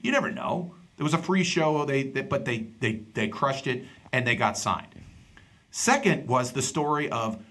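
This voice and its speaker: Animated male podcast storyteller. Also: medium pitch, moderate pace. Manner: animated storyteller, acts out quoted people. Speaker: podcast host and stand-up comedian. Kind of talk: casual storytelling chat.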